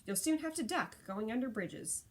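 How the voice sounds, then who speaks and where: A woman's voice: on the high side, lively intonation, normal speed, natural voice. A woman voicing a dry-humored, grumpy old great-uncle who teases his nephew. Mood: teasing. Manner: dry, teasing.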